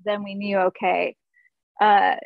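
A woman's voice: medium pitch, moderate pace, dry recording, muffled recording. A woman who produces music, chatting in an interview and acting out studio moments as she tells them. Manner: animated storyteller, acts out studio moments. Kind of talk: casual interview chat.

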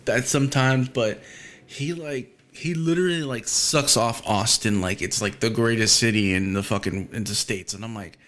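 A man's voice: mid-range voice, moderate pace, a bit bright. A man talking casually on a podcast over a call, laid-back and slangy, with many fillers.

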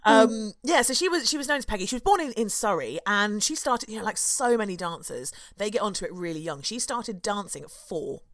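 A woman's voice: mid-range voice, lively intonation, brisk, hardly any pauses, a bit bright, no echo, clean studio sound. A woman in her thirties hosting a podcast, telling a story in a chatty, enthusiastic way with many fillers. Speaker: podcast host. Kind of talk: casual chat.

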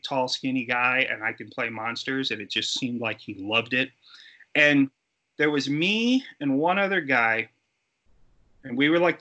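A middle-aged man telling stories as an interview guest, animated and acting out quoted voices. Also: mid-range voice. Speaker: interview guest, creature suit performer. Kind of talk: casual storytelling interview.

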